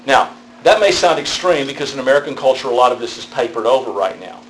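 A middle-aged pastor gives a conversational theology lecture, talking fast in a mid-range voice on poor audio with slight background noise. He tells stories animatedly and uses tag questions to check in with his listeners.

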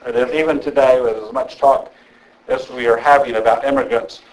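A man's voice: mid-range voice, steady tone, brisk, poor audio. An older man gives an evening lecture to an audience in a conversational way, often checking in with the room. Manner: conversational, with frequent "okay?" check-ins.

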